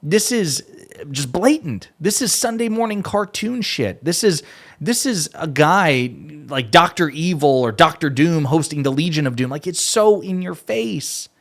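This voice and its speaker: A man's voice: fairly high pitch, lively intonation, a little slow. A man giving emphatic, exasperated political commentary, often profane.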